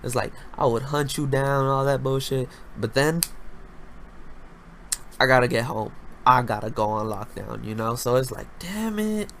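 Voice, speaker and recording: A young man rants through a casual solo podcast in a mid-pitched voice, loud and full of slang and swearing. His pitch jumps into high yelps, then drops to low mutters. A faint hiss of noise sits under the recording. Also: animated, measured pace. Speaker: podcast host.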